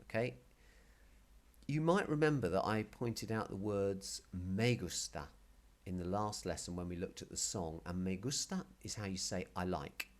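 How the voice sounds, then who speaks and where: A man teaching a casual Spanish lesson, patiently explaining and repeating words. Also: on the low side. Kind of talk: casual video language lesson.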